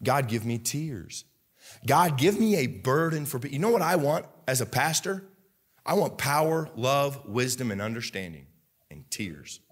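A male pastor with a Midwestern American accent preaches a sermon, swinging from low, earnest talk to loud, fervent bursts. His husky voice has a sing-song quality, and he halts often, restarting and using many fillers.

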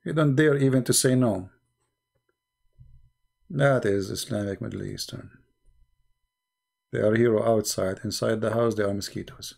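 A man's voice: fairly low pitch, normal speed, gravelly, pauses often, a little mellow. A man hosting a live call-in debate show, talking in a blunt, mocking way with loose grammar.

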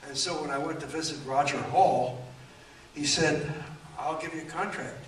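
A man's voice: a little high, fairly even intonation. Rambling man in his eighties, echoey room. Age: 80s. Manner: rambling anecdotes, halting with frequent fillers. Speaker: author and guest. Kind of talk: storytelling at a book event. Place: event room. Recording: echoey room, distant mic, faint room noise.

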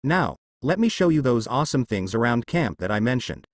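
A man's voice: mid-range voice, sing-song, fairly quick, no echo. A man voicing a cheerful, friendly teenage demigod boy who talks in an upbeat, reassuring way.

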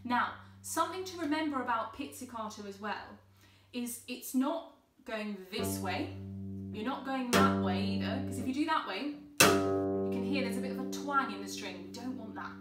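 A woman with a fairly high voice leads a beginner cello lesson. She explains things patiently and encouragingly, step by step. She is recorded from a distance in a roomy space, with faint cello playing heard. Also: very animated, normal speed, over music. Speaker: cello teacher. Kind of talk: online music tutorial.

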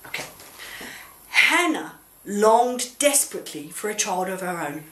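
A woman tells a children's Bible story with gentle, coaxing questions for her puppet. She speaks slowly, with a lively, rising and falling voice. The recording has a roomy echo. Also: medium pitch.

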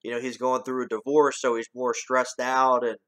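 A man's voice: mid-range voice, little pitch movement, normal speed, a bit bright. A man giving a casual, rambling movie review, talking loosely, restarting often and swearing now and then.

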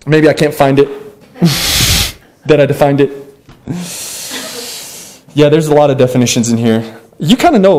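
A young adult male pastor delivers a sermon in a notably high voice. He tells stories with lively energy, drops humorous asides, and plays out his own earlier frustrations to make a point. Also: normal speed, pauses often. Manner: animated storytelling with humorous asides; acts out his own past rants.

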